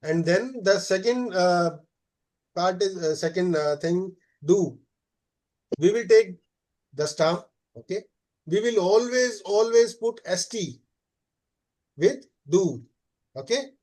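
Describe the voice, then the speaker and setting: Male German teacher, fairly high voice, patient and halting, keeps asking "okay?". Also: animated, darkish tone. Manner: explains slowly, checks with frequent "okay?"; many "uh" fillers. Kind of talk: live class lesson.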